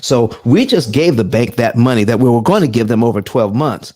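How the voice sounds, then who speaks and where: A man's voice: mid-range voice, lively intonation, brisk, dark tone. A man hosting a live finance stream, talking emphatically in a preacher-like style with dramatic asides.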